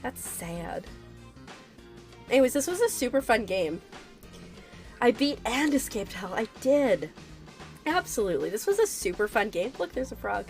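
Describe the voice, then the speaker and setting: A woman's voice: fairly high pitch, sing-song, normal speed, long pauses, soft background music. A woman chatting casually and giggling while streaming a video game. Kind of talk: casual live-stream gameplay chat.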